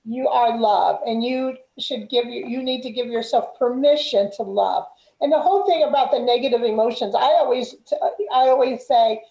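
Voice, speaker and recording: A woman's voice: a little high, normal speed, vocal fry, hardly any pauses, dark tone, dull audio. A woman guest in a casual conversation, speaking in an affirming way and telling personal stories. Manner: affirming, tells personal anecdotes. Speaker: guest healer. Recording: roomy echo.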